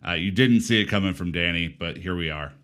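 A man co-hosting a casual podcast recap, praising things warmly and enthusiastically. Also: low voice, fairly quick. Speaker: podcast co-host.

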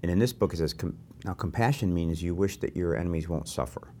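An older man hosting a conversation, telling animated, self-deprecating anecdotes. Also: low voice, fast. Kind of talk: conversational interview.

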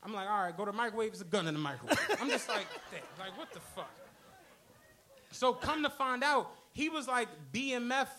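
This podcast co-host speaks very high-pitched and fast, with few pauses, as he tells a profane story before a live audience on a comedy club stage. He's animated and acts out each person in the tale.

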